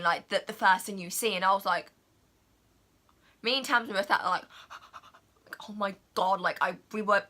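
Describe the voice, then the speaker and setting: A woman's voice: mid-range voice, pushed and bright. A young woman vlogger gushing through a casual film review, filling her talk with "like" and "oh my God". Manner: gushing, heavy use of "like" and "oh my God".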